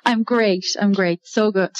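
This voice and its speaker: A woman's voice: mid-range voice, fairly even intonation, a little slow. A cheerful woman with an Irish accent, calling in to a radio show and laughing often. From Ireland. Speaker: caller. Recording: dull lo-fi call audio.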